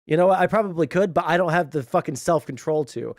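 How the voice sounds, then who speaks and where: A man's voice: fairly high pitch, fast talker, few pauses, no room sound, clean studio sound. A young man live-streaming casual chat while gaming, swearing constantly and ranting heatedly with self-mocking asides.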